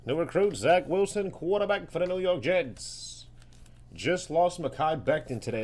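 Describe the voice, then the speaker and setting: A man with a slightly high voice runs a live card break, rattling off names and teams in fast bursts. He jokes and hypes between pulls. A faint hum of room ambience sits behind him. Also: lively intonation. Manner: rapid-fire listing of names and teams, hyped and joking.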